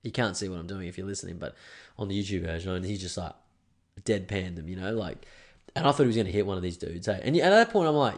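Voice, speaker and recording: A man's voice: low-pitched, lively intonation, quick pace, a little mellow. A young Australian man hosting a podcast alone, ranting casually and swearing. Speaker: podcast host. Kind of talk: solo podcast rant.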